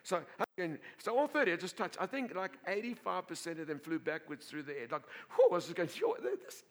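This pastor, a man with a high voice, speaks quickly as he preaches to his congregation, recounting a story animatedly while laughing and often repeating and restarting words.

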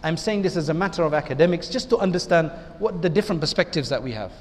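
A man's voice: a little high, expressive, fast talker. Man giving an Islamic lecture in a reverberant hall. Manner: conversational, asks the audience rhetorical questions. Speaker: imam.

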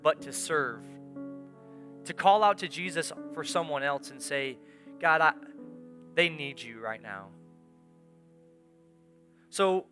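A man's voice: on the high side, pushed and bright. A male pastor preaching a sermon in church, earnest and urging, often repeating phrases for emphasis. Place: church sanctuary.

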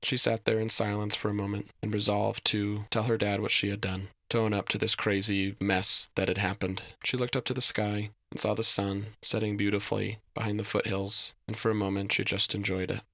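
A man narrating a story in a steady, descriptive reading. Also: on the low side, a little fast, hardly any pauses, dry recording, studio quality.

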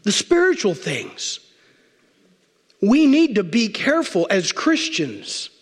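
High-voiced preacher in an echoing hall. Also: male voice. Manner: emphatic, with repeated lists and slowed words for stress. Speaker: pastor. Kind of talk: sermon. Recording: long reverb of a large hall.

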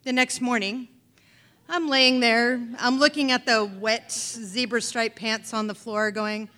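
A middle-aged woman telling a personal story on a theater pub stage, animated and wry, swinging between loud and hushed delivery. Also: on the high side.

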